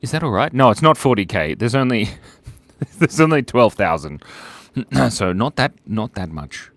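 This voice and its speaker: A man's voice: mid-range voice, very animated, a little slow, fairly bright tone, no echo. A man hosting a live drawing stream, chatting casually, joking, laughing often and reading out viewer comments.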